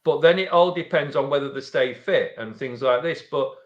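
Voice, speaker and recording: A man with a Yorkshire accent giving measured, opinionated views as a fan pundit in a casual football chat, often restarting his phrases. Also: mid-range voice, lo-fi sound. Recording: echoey room sound.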